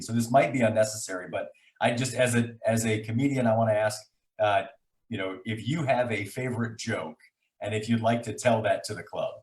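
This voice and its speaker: A man moderating a club meeting, halting and effusively grateful, on a video call. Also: fairly low pitch. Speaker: club member hosting the guest segment.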